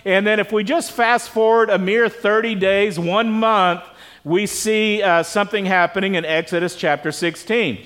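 High-voiced man preaching casually. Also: steady tone, moderate pace, a bit bright. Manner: casual, quizzes the congregation with questions. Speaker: pastor. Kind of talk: conversational sermon. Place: church service with congregation.

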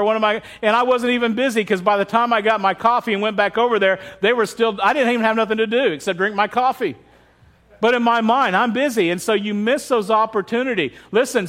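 A man's voice: high-pitched, a bit bright. A man, a pastor, preaching a sermon through candid, humorous storytelling.

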